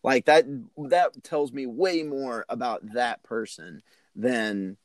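A man's voice: mid-range voice, slow pace, no room sound. A man hosting a podcast, talking in an earnest, rambling, motivational way. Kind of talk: casual chat.

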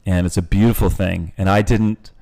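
Male podcast host, 40s, low-ish voice, candid, joking, a bit profane. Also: fairly even intonation, moderate pace, gravelly, warm tone. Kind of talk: casual podcast chat.

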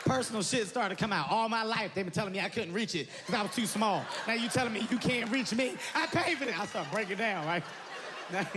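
A man telling a stand-up comedy story on a large stage, animated and loud, shouting his punchlines and laughing through them. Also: sits high, fast talker, noisy background. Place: large theater stage before a live audience. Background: audience laughter.

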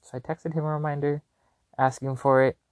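A man's voice: a little high, brisk, dry recording. Young man rambling casually on a podcast. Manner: animated, rambling, filler-heavy. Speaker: podcast host. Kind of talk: casual storytelling.

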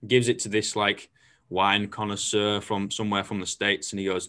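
Young host, bright and forceful, sweary storyteller, casual podcast. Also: male voice, on the low side, little pitch movement, moderate pace.

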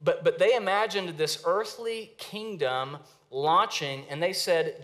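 A young man, a pastor, preaching a sermon with earnest, emphatic rises and pauses. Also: sits high, a bit bright. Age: young adult.

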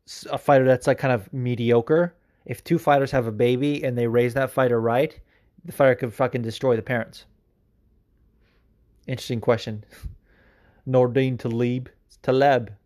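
Male podcast host, casual chat, profane, excitable, tangents. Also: medium pitch. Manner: rambling, profane, enthusiastic.

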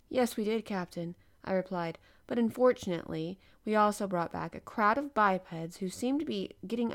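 A woman hosting a podcast, reading a classic novel aloud in a lively way and giving the dialogue voices. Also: mid-range voice. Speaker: podcast host and reader.

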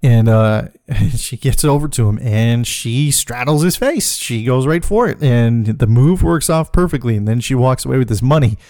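A man hosting a podcast, telling a comic personal story in a profane, animated way, laughing as he goes. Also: mid-range voice, moderate pace, dry recording, clean studio sound. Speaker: podcast host.

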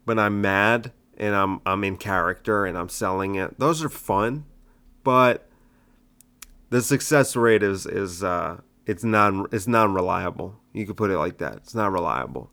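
Un humoriste qui décortique ses blagues, ton décousu. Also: male voice, deep voice, a little slow, sharp tone. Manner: rambling, self-mocking, picks apart his own jokes. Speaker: stand-up comedian and podcast host. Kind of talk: casual solo podcast monologue.

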